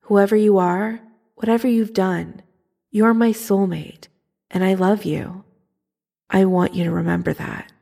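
A woman's voice: medium pitch, fairly even intonation, a little slow, vocal fry, dark tone. A woman reading as a tender wartime soldier. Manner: earnest, yearning, heartfelt. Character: tender young male soldier writing a love letter. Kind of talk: fan fiction audiobook reading.

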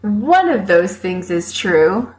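A woman's voice: mid-range voice, sing-song, slow pace, darkish tone. A woman voicing a drunk, angry young man who curses and rants. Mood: drunk sulky. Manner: slurred cursing, dramatic outbursts.

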